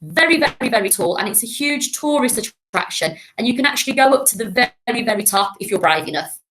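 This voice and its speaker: Like a primary school teacher recording a lesson, a woman addresses young children in a clear, patient, encouraging voice. Her pitch sits a little high, her tone is fairly bright, and she's animated, speaking a little fast.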